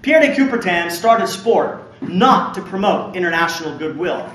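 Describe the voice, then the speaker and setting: A man's voice: sits high, expressive, moderate pace, a bit bright, slight background noise. A male university lecturer giving a public lecture, telling history with emphatic storytelling and a pointed sense of humor. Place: large lecture hall. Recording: echoey hall from far off.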